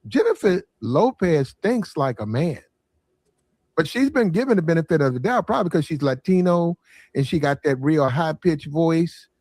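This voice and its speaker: A man's voice: a little high, big pitch swings, moderate pace, darkish tone, no echo. Blunt, profane man on a dry mic. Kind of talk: casual podcast talk.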